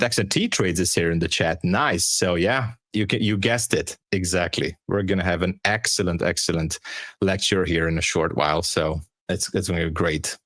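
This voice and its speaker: A man's voice: deep voice, fairly bright tone, no room sound, studio quality. A man hosting a trading livestream, upbeat and joking, rambling with fillers. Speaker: livestream host. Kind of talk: casual livestream chat.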